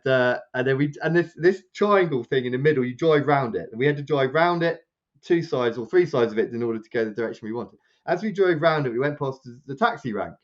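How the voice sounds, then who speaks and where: A man, a podcast co-host, rambling through a casual anecdote and acting out what others said. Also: dull audio. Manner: rambling, animated, acts out quotes with raised pitch. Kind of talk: casual storytelling chat.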